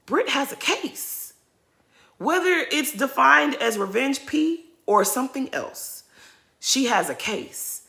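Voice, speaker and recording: Lady vlogger ranting about a reality show episode, bright sharp voice, talks right at her viewers. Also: sits high, takes it slowly, vocal fry. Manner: animated, opinionated, talks straight to the viewers. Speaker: reality TV recap YouTuber. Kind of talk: casual commentary vlog.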